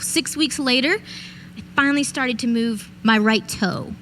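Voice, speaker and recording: High-voiced woman telling her story. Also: a little slow, fairly bright tone, a little hiss or hum. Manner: vivid storytelling, addresses audience directly. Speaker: keynote speaker. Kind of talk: motivational speech. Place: event stage.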